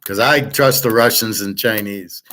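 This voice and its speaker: A man teaching a relaxed online class, blunt and profane, rambling with restarts and answering viewers' chat. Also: lowish voice, moderate pace, slight background noise. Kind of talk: casual livestream lecture.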